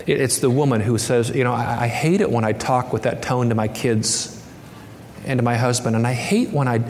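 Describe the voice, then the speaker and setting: A man's voice: mid-range voice, moderate pace, a little hiss or hum. A middle-aged man preaching a sermon as pastor, earnest and building to impassioned, raised passages. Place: church sanctuary. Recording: reverberant hall, faint ambience.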